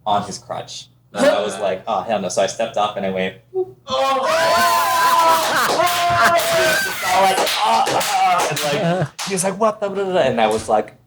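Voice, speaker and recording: A man from Ontario, Canada, guesting on a podcast, tells casual stories and acts out the other voices in them with animation. His voice is high and his pace measured, with some background noise.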